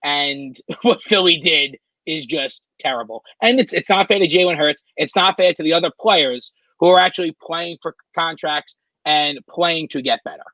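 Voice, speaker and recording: Rambling bright-voiced man on a dull, dry mic. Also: on the high side, moderate pace, no echo. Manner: rambling, hesitant, with many fillers. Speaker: sports show co-host. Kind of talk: casual sports discussion.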